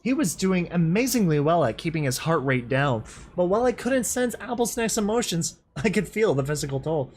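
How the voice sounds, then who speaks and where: A high-voiced man reads a story aloud and breaks off to comment on it. He laughs often and cries out in mock dismay at what he is reading. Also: very animated, brisk, hardly any pauses, slightly rough. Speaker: reader and commentator. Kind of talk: fan fiction reading with commentary.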